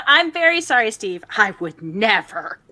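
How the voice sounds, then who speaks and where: A woman's voice: on the high side, sing-song, a little slow, pushed and bright. A woman co-hosting a casual chat who laughs often, jokes around and reads viewer comments aloud. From Pittsburgh area. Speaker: podcast co-host.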